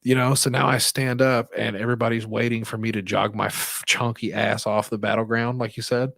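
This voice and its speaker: Crude, animated man telling a story. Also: medium pitch, a little fast, vocal fry, no room sound. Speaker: podcast co-host. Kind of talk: casual storytelling chat.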